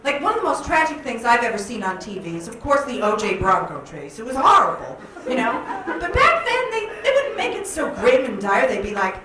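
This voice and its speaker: Animated woman doing stand-up. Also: on the high side, fairly quick. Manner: animated, chatty, jokey. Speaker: stand-up comedian. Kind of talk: stand-up comedy set. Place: comedy club. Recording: echoey club from far off, loud crowd. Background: audience laughter.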